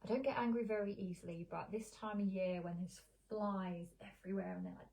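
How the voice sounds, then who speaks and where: Soothing woman with a gravelly, mellow voice. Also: medium pitch, steady tone, poor audio. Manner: soft, slow, soothing guidance with gentle pauses. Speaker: meditation teacher. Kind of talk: guided meditation and casual live-stream talk. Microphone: streaming live on a social video stream.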